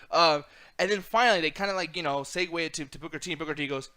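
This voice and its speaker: A man's voice: a little high, quick pace, bright, forceful tone. A man co-hosting a casual wrestling podcast, ranting animatedly with heavy swearing. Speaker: co-host.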